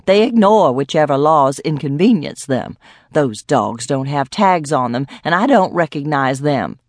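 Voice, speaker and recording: A woman narrator voicing a stern, feisty elderly woman with sharp, commanding outbursts. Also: deep voice, lively intonation, a little slow, no room sound, studio quality. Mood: tart.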